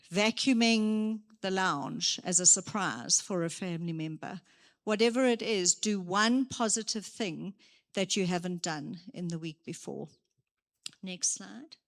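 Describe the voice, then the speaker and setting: A woman giving a motivational career day talk in a church hall, lively and full of acted examples. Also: medium pitch. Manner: lively, gives acted examples, moves around.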